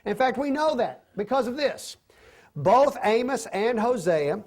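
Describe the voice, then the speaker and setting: Man, Bible teacher, high-ish voice, classroom lesson, conversational, talks to the class directly. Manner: conversational, asks the class questions, acts out quoted voices. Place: classroom with a board.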